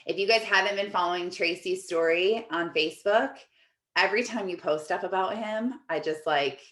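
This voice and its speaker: A woman's voice: fairly low pitch, normal speed, fairly bright tone, echoey room. A woman life coach hosting a group video call, chatting casually and reading out comments from the chat in an upbeat, encouraging way.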